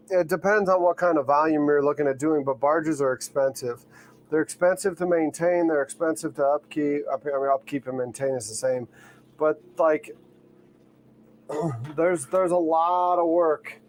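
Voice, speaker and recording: A man's voice: on the high side, a little hiss or hum. A man hosting a live stream from a boat, chatting loosely with viewers and rambling a little, sleepy and yawning. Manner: rambling, relaxed, reads out chat names. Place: on a boat during a storm.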